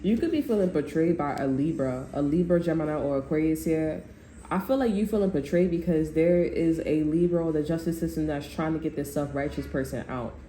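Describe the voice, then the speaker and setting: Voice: mid-range voice, brisk, mellow. A tarot reader giving a casual reading to viewers, talking loosely with slang and swearing and often restarting sentences. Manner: loose, slangy and profane, rambling with many restarts. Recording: echoey room with faint noise.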